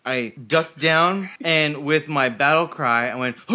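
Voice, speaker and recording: A man's voice: a little high, unhurried, hardly any pauses, a loud crowd. A man casually telling a long story, swearing freely and laughing through it. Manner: profane, animated, laughs through his own story.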